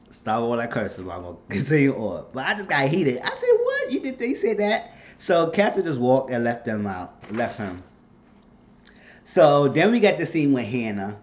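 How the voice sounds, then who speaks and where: A man at a middle pitch talks through a TV episode in a loose, animated way. He curses freely and slips into the characters' lines as he retells the plot. The recording sounds dull and lo-fi. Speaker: TV episode reviewer. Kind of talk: casual recap of a TV drama.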